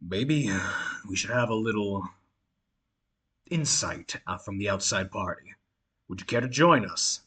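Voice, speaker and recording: A man voicing a calm, composed male leader who speaks in a measured, formal way. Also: mid-range voice.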